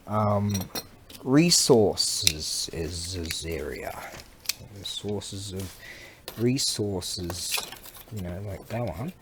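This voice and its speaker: A man's voice: mid-range voice, background noise. Rambling, laughing man in a workshop. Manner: chatty, rambling, laughs often, mutters asides. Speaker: vlogger. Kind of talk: rambling casual workshop chat.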